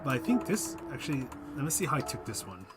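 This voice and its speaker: A laid-back man talks through his laps in a casual live stream, joking at his own expense and thanking viewers by name. He sounds sleepy, and his voice sits in an ordinary middle pitch. Loud game music and car engines run underneath him. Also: fast. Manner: relaxed and self-deprecating, chatting with viewers. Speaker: gaming livestreamer. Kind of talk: casual live commentary while racing.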